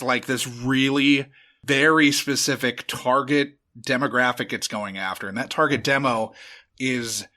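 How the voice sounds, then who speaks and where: A male podcast co-host with a bright, forward voice, making dry, wry remarks in casual chat. He swears offhandedly at an ordinary middle pitch.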